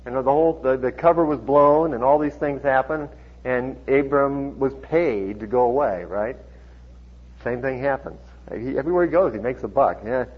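A man preaching a conversational sermon, reading scripture and adding chuckling asides, animated when he acts out the dialogue. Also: medium pitch, moderate pace, slightly rough. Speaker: pastor. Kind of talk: sermon, expository Bible teaching. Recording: dull lo-fi sermon recording.

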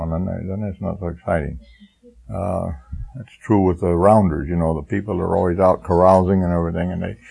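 A gravelly, husky older man preaching in a folksy, rambling way. His voice sits a little low. He wanders into homespun stories and chuckles along the way. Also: darkish tone, low-quality recording. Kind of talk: sermon.

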